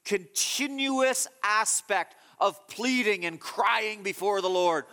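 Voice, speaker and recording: A male pastor preaching a sermon, explaining calmly and then pressing points with loud emphasis. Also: slow pace, in a large hall. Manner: teaching tone, swings from low explaining to loud emphatic scolding.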